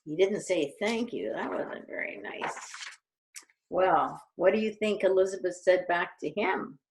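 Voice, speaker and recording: Middle-aged woman, children's storyteller, very expressive pitch, slow unhurried reading. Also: a little hiss or hum. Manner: animated, asks the listening children questions. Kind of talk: reading a picture book aloud to children.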